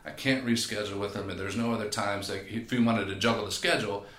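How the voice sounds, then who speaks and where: A man, a podcast guest and personal trainer, telling stories in a casual, animated way and acting out quotes. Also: on the low side, fast talker. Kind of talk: casual storytelling. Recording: echoey room.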